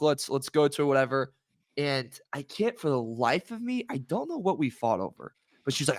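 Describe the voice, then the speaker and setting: A young adult man co-hosting a casual sports podcast, telling a story in an animated way with laughter. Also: a little high, fairly quick, dry recording, clean studio sound. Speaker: podcast co-host. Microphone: headphones and podcast mic.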